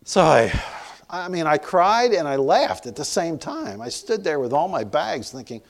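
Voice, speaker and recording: A man's voice: fairly high pitch, sing-song, moderate pace, vocal fry. A man in his sixties preaching, telling a funny story about himself and often laughing as he goes. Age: 60s. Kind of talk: storytelling sermon.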